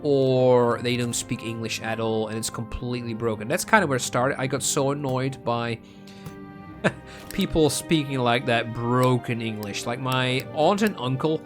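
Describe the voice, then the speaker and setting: A young Dutch gaming streamer with a Dutch accent chats casually in a mid-range, unhurried voice over faint music. He rambles and mocks himself, full of ums and restarts.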